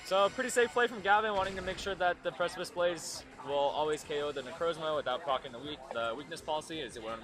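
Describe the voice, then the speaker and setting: A male commentator calls a competitive game match live in a relaxed, filler-heavy way. His voice sits a bit on the high side. Music plays clearly behind him. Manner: casual, filler-heavy play-by-play. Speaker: esports commentator. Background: music playing nearby.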